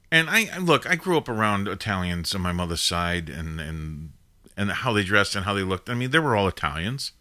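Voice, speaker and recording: A man in his fifties with a lowish, sharp-toned voice hosts a live call-in show. He tells a family story in a rambling, digressive way, peppered with "now" and "you know" asides.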